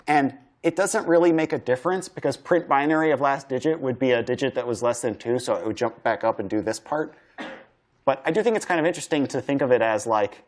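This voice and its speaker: A man lectures on programming while coding live, working things out aloud in a loose, chatty way. His voice sits at an ordinary middle pitch, and he trails into filler words and restarts as he goes. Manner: thinking aloud, casual with many fillers and restarts.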